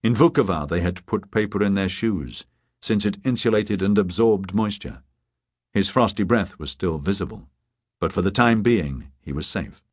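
A man reads a crime audiobook in a measured, steady way. His voice is low and unhurried. The recording is dry and close, with no room sound. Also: no echo. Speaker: audiobook narrator. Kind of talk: scripted narration.

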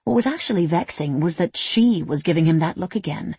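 Low raspy lady reading an audiobook, very dry close sound. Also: animated, fairly quick, a little mellow, no echo. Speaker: narrator. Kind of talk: audiobook narration.

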